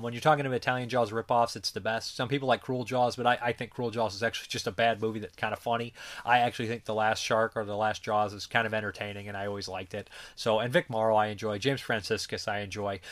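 A man's voice: lowish voice, fairly bright tone. A man reviewing films in a casual, rambling way, joking and swearing freely. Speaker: movie reviewer.

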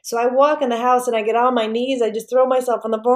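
A woman speaking as a podcast guest, recounting a personal story in a lively way and acting out the voices of the people in it. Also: fairly high pitch, quick pace, hardly any pauses. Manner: animated, acts out quoted voices.

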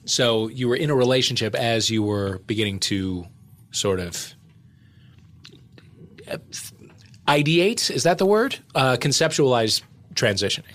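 A man's voice: medium pitch, expressive, a little slow, pauses often, a bit bright. A man hosting a casual interview, dropping dry, wry remarks. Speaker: podcast host.

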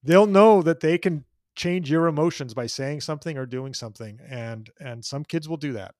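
A man's voice: a little high, normal speed, a little mellow, dry recording, clean studio sound. A man speaking as a guest in a casual chat, earnest and emphatic, often repeating words as he starts a thought.

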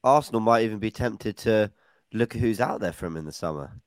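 A man's voice: lowish voice, expressive, a little fast, no echo. A man hosting a fan podcast in a chatty, teasing way, quizzing his panel. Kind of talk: casual chat.

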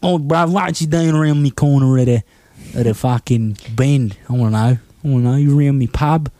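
A man's voice: medium pitch, a little fast, mellow, dry recording, close to an everyday voice. An American man putting on a swearing, mock-aggressive Cockney pub bloke in a put-on Cockney accent.

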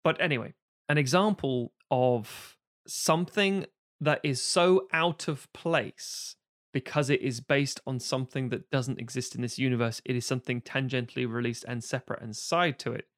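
A man co-hosting a film podcast in casual chat, animated and given to sudden exaggerated quoted voices. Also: medium pitch, normal speed. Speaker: podcast co-host.

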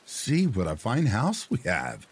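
Man putting on a shrill nagging old fishwife. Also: huge pitch swings, unhurried, creaky, husky, heavily acted. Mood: delighted. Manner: shrill and insistent.

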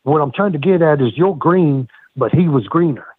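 A furious tough guy barks insults and curses, as a man mimics him in a raised, strained voice. The sound is husky and narrow, like a phone call, with no room around it. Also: fairly high pitch, moderate pace, dry recording, pitched above the performer's own voice. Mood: scolding. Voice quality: yelling, profane, aggressive. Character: angry, loud, swearing male wrestler confronting a newcomer. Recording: phone-like line, dry.

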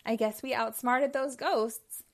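A woman reading a children's book aloud, voicing a cheerful male Pac-Man in a raised, excited storybook voice. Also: fairly high pitch, unhurried.

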